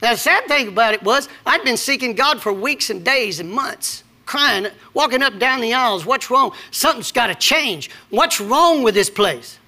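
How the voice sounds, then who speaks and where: A man's voice: extremely high pitch, animated, moderate pace, few pauses, bright, forceful tone. A middle-aged man, preaching a sermon with scripture readings and personal stories. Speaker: pastor.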